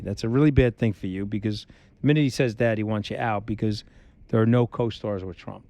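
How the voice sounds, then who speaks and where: Blunt, emphatic middle-aged man, warm tone. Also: medium pitch, a little fast, dry recording. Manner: blunt, emphatic, repeats points for force; animated storyteller who acts out quotes. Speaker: interview guest. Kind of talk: candid podcast conversation.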